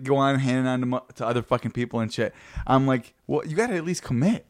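A man's voice: mid-range voice, lively intonation, fast. Profane rambling man. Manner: rambling storytelling, heavy swearing. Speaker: podcast co-host. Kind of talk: casual profane chat.

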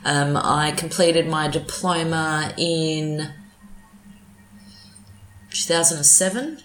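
A woman's voice: low voice, slow pace, soft background music. An Australian woman who presents community radio, chatting casually as an interview guest with many restarts and fillers. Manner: relaxed, talks in restarts and fillers. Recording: echoey room, faint noise.

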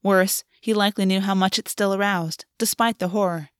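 A woman reading a fan fiction story aloud in a steady, even narration. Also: mid-range voice, a little fast, clear, resonant tone, no echo, clean studio sound. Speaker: audiobook reader.

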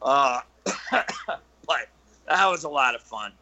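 A man guest telling stories in casual chat, halting with many fillers and restarts, and animated when he gets into the story. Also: medium pitch, highs cut off.

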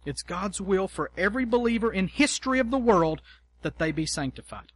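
A man's voice: sits high, animated, fairly quick. A man preaching a sermon in a conversational, emphatic way, acting out quoted prayers and repeating key lines. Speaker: pastor.

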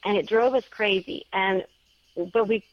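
A woman's voice: mid-range voice, fairly even intonation, a little slow, no echo. Chatty woman telling a strange story. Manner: chatty storyteller, many small restarts. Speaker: guest, paranormal story writer. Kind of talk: casual storytelling interview. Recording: dry, slightly dull lo-fi sound.

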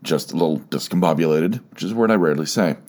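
Rumbling low and darkish in tone, a man's voice carries his personal solo podcast. He falters as he talks, restarting often and repeating words, emotional and on the verge of tears.

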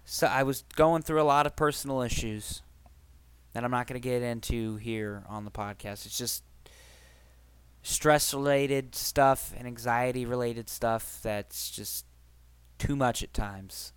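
Smooth-voiced man rambling on a podcast. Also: medium pitch, steady tone, unhurried, no room sound. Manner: rambling, profane, conversational. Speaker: podcast host. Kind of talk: casual solo podcast chat.

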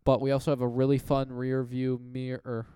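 Male podcast co-host, smooth warm voice, dry jokey asides. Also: medium pitch, completely flat delivery, normal speed. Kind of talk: casual podcast chat.

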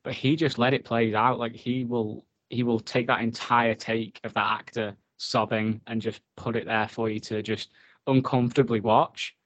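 A man's voice: medium pitch, flat delivery, moderate pace. A man co-hosting a podcast in casual chat. He swears often and fills his talk with "like.". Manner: chatty, swears often, filler-heavy. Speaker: podcast co-host reviewing a film.

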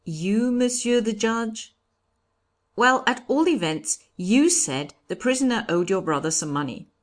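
A bossy, excitable judge in a storybook reading, hammering out accusations in a raised, insistent voice, as a woman reader puts him on. He blusters and won't let anyone get a word in. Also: a little high, unhurried, voice pushed up. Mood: blustering. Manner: blustering, accusing, talks over others. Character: excitable pompous male French judge.

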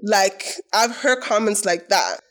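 A woman's voice: mid-range voice, expressive, slow pace, fairly bright tone. Woman panelist, casual debate, emphatic and opinionated. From Toronto, Canada. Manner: emphatic, opinionated, repeats points for stress. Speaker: podcast panelist.

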